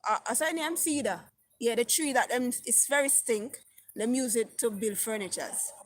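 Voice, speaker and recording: A woman's voice: on the high side, moderate pace. A middle-aged woman with a Jamaican accent, chatting on a live stream and reading viewer comments aloud. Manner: chatty, reads comments aloud, mixes patois. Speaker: vlogger. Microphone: phone.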